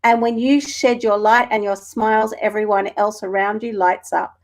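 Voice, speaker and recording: A woman's voice: mid-range voice, steady tone, normal speed. A woman co-hosting a live stream and reading spiritual cards for viewers, earnest and emotional with the odd swear.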